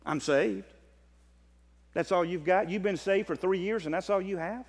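A Southern American preacher gives an impassioned sermon in a high, steady-toned voice, swinging from loud, stretched-out declarations to hushed, rapid asides. A long reverb makes it sound as though he's filling a large hall.

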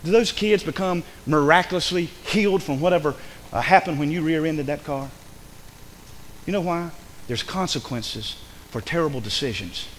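Emphatic preacher in a reverberant church. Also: male voice, on the high side, normal speed, a bit bright, slight background noise. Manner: emphatic, acts out quoted speakers. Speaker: pastor. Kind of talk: sermon. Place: church sanctuary.

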